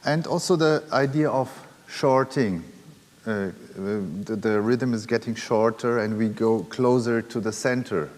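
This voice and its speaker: A man's voice: medium pitch, a little slow, darkish tone. A man leading a music workshop, explaining rhythm hesitantly with many fillers. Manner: hesitant, many fillers, counting beats and chanting drum syllables aloud. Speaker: workshop leader and percussionist. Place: large hall at a music academy. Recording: long hall reverb with drumming.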